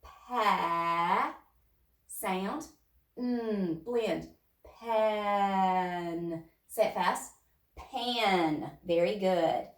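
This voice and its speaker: A woman's voice: mid-range voice, very slow, recorded from a distance. A woman teacher leading young children through a phonics lesson, sounding out words step by step. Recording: echoey room, voice off-mic.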